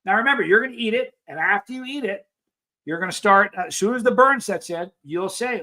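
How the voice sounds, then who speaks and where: A man with a fairly high voice hosts a casual live stream. He rambles through stories and reads viewer messages aloud in an easygoing chat. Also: lively intonation, fairly quick, pushed and bright.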